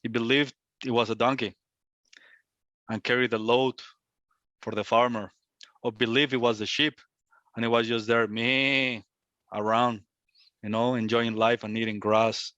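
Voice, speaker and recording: A man's voice: medium pitch, level tone, normal speed, long pauses, a bit bright, no room sound. A man giving a reflective satsang talk as a spiritual teacher, repeating and circling back on his phrases. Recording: dull, lo-fi, dry.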